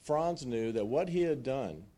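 A man telling a wartime story in a sermon, with lively acted-out asides and frequent restarts. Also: medium pitch, unhurried.

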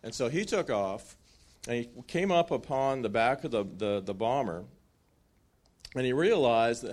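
Male preacher, mid-range voice, relaxed storyteller acting out the scenes. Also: medium pitch, unhurried. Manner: animated storytelling with restarts and acted quotes. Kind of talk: sermon storytelling.

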